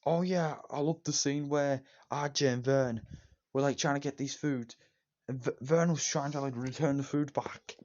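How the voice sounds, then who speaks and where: With a steady, medium-pitched voice that's a little mellow, a man talks at normal speed through a casual movie review. He's enthusiastic but rambling and repetitive, stopping to restart and using many fillers, captured in dull lo-fi sound.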